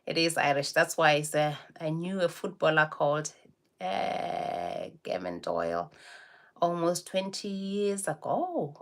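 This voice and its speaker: Slow-talking woman in her forties chatting to viewers. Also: low-pitched, expressive, a bit bright. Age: 40s. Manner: chatty and friendly, laughing often between remarks. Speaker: livestream host. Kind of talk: casual livestream chat, answering viewer comments.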